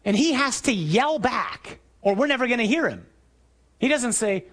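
A man preaching a sermon, telling stories vividly and acting out scenes, rising to shouts and dropping low and quiet for emphasis. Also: big pitch swings, moderate pace. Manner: storytelling, acts out scenes with raised shouting voice.

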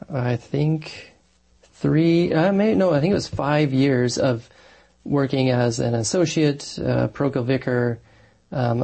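A man's voice: mid-range voice, creaky, darkish tone, husky. A man who is a married Catholic parish priest, answering interview questions in an earnest, thoughtful way with many fillers and restarts.

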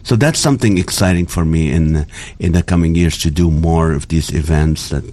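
A middle-aged man from the Middle East chatting casually, telling animated jokey stories with laughter. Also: rumbling low, moderate pace. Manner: animated storytelling with jokes and laughter. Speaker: guest comedian. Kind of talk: casual chat.

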